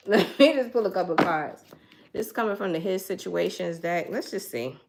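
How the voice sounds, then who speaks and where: A woman's voice: on the low side, moderate pace, gravelly, heavy background noise. A woman, doing a casual tarot reading and chatting straight to her viewers in a folksy way. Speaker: tarot reader.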